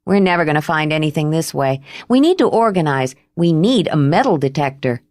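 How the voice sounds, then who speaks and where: A woman voicing a blunt, practical young woman in an audiobook, brisk and matter-of-fact. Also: sits low, expressive, a little mellow, dry recording, studio quality.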